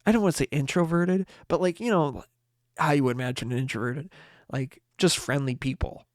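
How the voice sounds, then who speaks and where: A man's voice: fairly high pitch, brisk, no echo, clean studio sound. A man hosting a late-night podcast, chatting in a rambling, upbeat way full of fillers and restarts. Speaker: podcast host.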